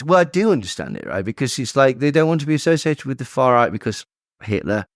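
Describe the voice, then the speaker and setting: Animated, scornful man. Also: medium pitch, a little fast, dry recording, clean studio sound. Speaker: podcast co-host. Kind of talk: casual chat.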